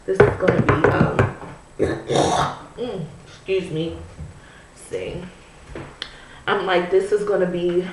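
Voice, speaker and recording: A woman's voice: fairly low pitch, takes it slowly, long pauses, recorded from a distance. A pregnant woman chatting casually to her camera while she curls her hair, musing and leaning on "you know" and "I'm like.". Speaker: vlogger. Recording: echoey room, voice away from the mic, faint noise.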